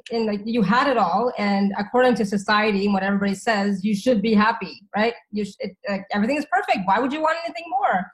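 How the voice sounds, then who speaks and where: A woman hosting an interview, supportive and quick to affirm her guest. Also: medium pitch, low-quality recording. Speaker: host. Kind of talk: interview chat.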